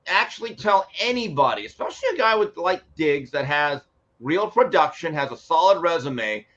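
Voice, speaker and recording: Brief: male sports show guest, high-pitched, lively storyteller, lo-fi audio. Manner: animated storyteller acting out quotes. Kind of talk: casual sports talk, storytelling. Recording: muffled lo-fi sound.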